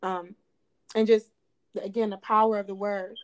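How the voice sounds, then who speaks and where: A woman's voice: medium pitch, little pitch movement, moderate pace. A young woman in her twenties, a guest on a faith podcast, talks earnestly and repeats phrases for emphasis, like a small sermon. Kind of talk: faith-based podcast conversation.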